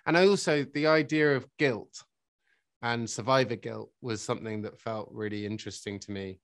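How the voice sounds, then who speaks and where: A man answering interview questions reflectively, pausing often with ums and restarts. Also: medium pitch. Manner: reflective, hesitant with many ums. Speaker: actor interviewee.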